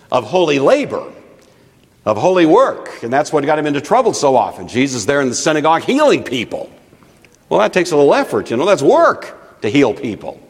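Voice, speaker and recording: A man preaching a teaching sermon in an animated, conversational way with frequent asides. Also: a little high, breathy edge. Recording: long reverb of a large hall.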